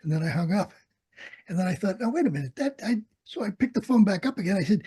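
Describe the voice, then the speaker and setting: Older man, veteran interviewee; husky, mellow voice, lively storyteller who acts out the dialogue. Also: sits high, brisk. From United States. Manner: animated storyteller, acts out quoted dialogue, laughs often. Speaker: interviewee, Vietnam veteran pilot. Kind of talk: storytelling in an oral history interview.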